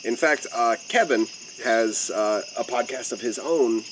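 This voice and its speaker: A man in his twenties hosting a casual podcast, easygoing and quick to laugh, with plenty of fillers. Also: medium pitch. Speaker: podcast host. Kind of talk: casual chat. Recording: steady background noise.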